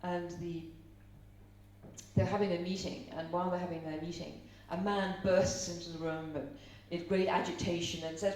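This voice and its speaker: A middle-aged woman from Ireland speaks in a slightly low voice at a live seminar, telling stories and asking the audience questions. She sounds distant from the mic in a very echoey room, with a faint hum underneath. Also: flat delivery, moderate pace, darkish tone. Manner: chatty storyteller, asks the audience questions.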